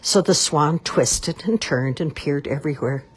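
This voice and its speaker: Low, husky woman reading a children's book aloud. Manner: expressive, measured read-aloud. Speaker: storyteller.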